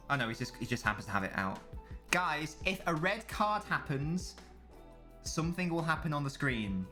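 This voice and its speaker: A man's voice: mid-range voice, bright, forceful tone. A man chatting casually as a live streamer during a football watchalong, rambling and swearing freely while answering chat.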